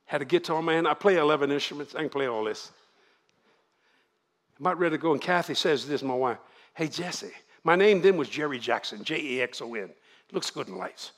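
A man in his seventies with a Louisiana Cajun accent, preaching to a congregation in a folksy, animated storytelling way. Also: fairly high pitch, a little fast.

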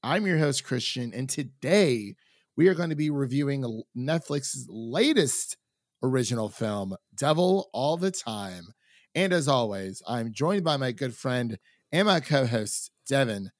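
A man's voice: mid-range voice, lively intonation, unhurried, no room sound. A young man from Ohio hosts a casual film podcast. His talk is chatty and full of fillers, and laughs break in often. His mid-range voice sounds dry and close to the mic. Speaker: podcast host.

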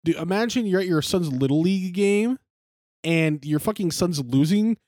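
A man's voice: high voice, lively intonation, normal speed, darkish tone, no echo, studio quality. Laughing, rambling young man co-host. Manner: laughing, rambling, swears freely. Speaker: podcast co-host. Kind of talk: casual chat.

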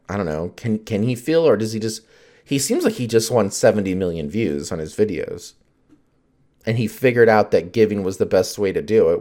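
A man's voice: on the low side, warm tone. A man hosting his own podcast, rambling in casual chat, full of fillers and swearing and laughing often.

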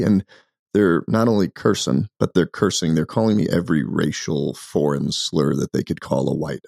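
An American man, a podcast guest, telling a story in an emphatic, animated, casual way. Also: low voice, vocal fry, breathy edge, no echo, studio quality. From United States.

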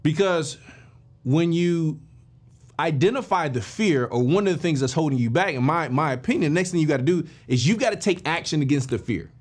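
A man hosting a podcast, telling a motivational story in an animated way and talking straight to his listeners. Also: fairly high pitch, a little fast. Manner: animated, addresses listeners directly and informally; emphatic with frequent restarts and fillers. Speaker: podcast host.

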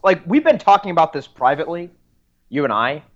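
A man with a fairly high voice chats easily on a podcast, heard through a dull, lo-fi recording. He keeps a relaxed, wry tone and pokes fun at himself and the show. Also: brisk. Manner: relaxed, wry, self-deprecating. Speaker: podcast co-host. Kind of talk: casual chat. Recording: dull lo-fi sound.

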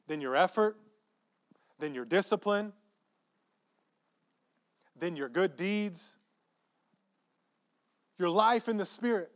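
Male pastor, high tenor, emphatic repetitive sermon delivery with soft-to-loud swings. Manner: emphatic, repeats phrases, swings between soft asides and loud peaks.

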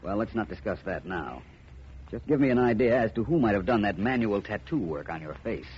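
A man's voice: on the low side, animated, fairly quick, a little hiss or hum, lightly acted. Vance, a man playing a suave detective. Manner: urbane, dry and wry. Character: suave male gentleman detective, cool and wry. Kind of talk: 1940s radio acting. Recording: muffled old radio broadcast.

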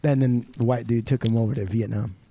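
A man's voice: medium pitch, steady tone, quick pace, dark tone, slight background noise. A man from the Pacific Northwest US, a podcast guest rambling in casual chat with lots of "like" and swearing. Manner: rambling, profane, full of "like".

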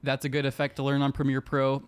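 A man's voice: medium pitch, completely flat delivery, quick pace, clean tone. A young man who makes short films talks in a casual chat. He speaks hesitantly, with plenty of ums and restarts. His questions come across as curious. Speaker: video editor and YouTuber.

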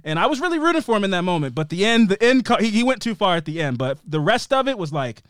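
A young adult man co-hosting a podcast, recapping a TV episode in an animated, rambling way. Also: sits high, fast talker, clean tone, no echo, studio quality. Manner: animated, rambling storyteller who acts out scenes. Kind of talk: casual recap chat.

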